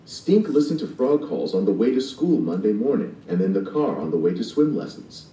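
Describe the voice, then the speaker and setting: A man reads a children's storybook aloud at an unhurried pace, acting out the sound effects. His pitch is highly animated and his tone is mellow. It comes from a distance with a roomy echo. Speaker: storybook narrator. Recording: distant and echoey playback.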